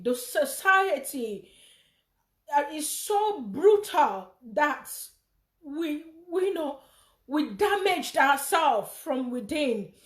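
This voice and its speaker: A middle-aged woman speaks with a high voice in a heartfelt, emotional way and keeps repeating her own phrases. She is addressing an event. The sound is echoey, as if the room is reverberant. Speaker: mother speaking at a charity event. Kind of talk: emotional personal speech.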